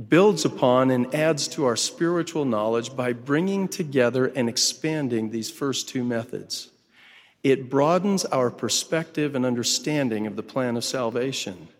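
A man delivering a sermon in a measured, emphatic way, lingering over lists and key phrases. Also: mid-range voice. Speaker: church speaker. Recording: long hall reverb.

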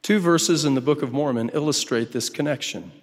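A man delivering a sermon in a measured, emphatic way, lingering over lists and key phrases. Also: fairly high pitch. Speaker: church speaker. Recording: long hall reverb.

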